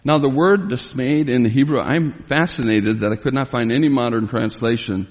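A man teaching through a Bible passage as a sermon, emphatic and rising in pitch when he retells the drama of a scene. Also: moderate pace. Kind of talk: expository sermon. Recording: long reverb of a large hall.

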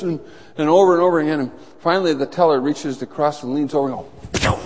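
Quick-paced and a little high, a middle-aged pastor's voice carries a sermon built on lively anecdotes. He acts out the voices in his stories, and the large hall wraps it all in long reverb.

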